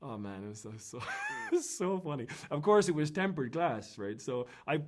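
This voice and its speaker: A man's voice: a little high, wildly swooping pitch, moderate pace. An Irish man, a guest in an interview, telling casual stories in a rambling way with many fillers and restarts. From Ireland. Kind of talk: casual anecdotal storytelling.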